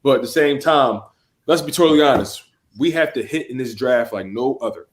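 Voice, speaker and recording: A man's voice: medium pitch, fairly quick, a crowd in the background. A man co-hosting a sports call-in show who talks emphatically and repeats himself to make his point. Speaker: co-host. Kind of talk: casual sports chat.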